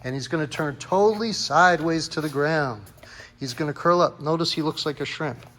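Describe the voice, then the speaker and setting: A man's voice: on the high side, normal speed, a bit bright. A man coaching a kids' jiu-jitsu class, calling out counts and encouraging a young helper. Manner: upbeat, encouraging, calls out counts.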